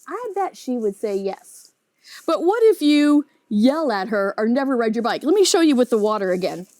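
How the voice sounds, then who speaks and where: Woman teaching a kids bible class, bouncy animated voice, dry close sound. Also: a little high, normal speed, no echo. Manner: animated, asks kids frequent questions. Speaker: children's ministry teacher. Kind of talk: teaching a children's Bible lesson.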